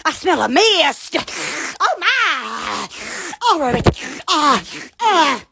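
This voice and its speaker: Woman, very high voice, bright and sharp, laughing and squealing, slow drawn-out words, phone live stream. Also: sing-song, creaky. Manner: silly, laughing constantly, squealing exclamations. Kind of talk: giggly rambling live stream chat.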